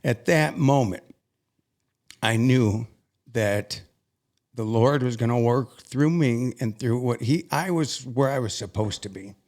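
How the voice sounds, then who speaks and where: A young man earnestly recounting a personal story as an interview guest, halting and emotional at times. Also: medium pitch, darkish tone.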